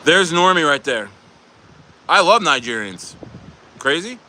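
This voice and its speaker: Bright-voiced man chatting to his stream. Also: a little high, sing-song, unhurried. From United States. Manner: loose, joking banter with chat viewers. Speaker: crypto livestream host. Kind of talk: casual livestream chat reading comments.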